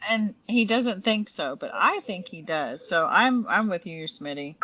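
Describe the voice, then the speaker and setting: Brief: woman, lowish voice, very slow unhurried talk, supportive chat. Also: lively intonation, bright, forceful tone, dull audio. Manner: supportive, encouraging. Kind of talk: casual group chat.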